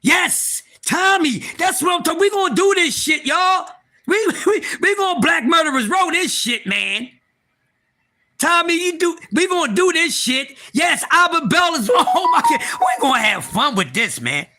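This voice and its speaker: A man hosting a casual livestream, excitable and profane, talking straight to his viewers and often repeating and restarting. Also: very high-pitched, unhurried. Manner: excitable, profane, talks to chat. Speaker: livestream host.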